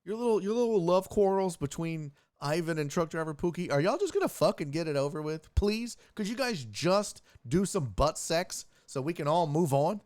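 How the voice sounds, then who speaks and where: A man's voice: on the high side, lively intonation, normal speed, few pauses, darkish tone, no echo, studio quality. A man hosting a casual streamed sports talk show, joking profanely and reacting to chat messages. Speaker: host.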